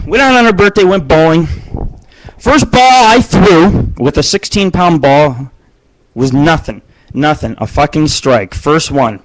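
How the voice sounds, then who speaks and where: Speaking in a slightly high voice with lively intonation, a man delivers crude, wandering stories at a measured pace, swearing often and laughing along the way. It's his own live internet radio show, streamed on video from a home studio. The recording is low quality but has no echo.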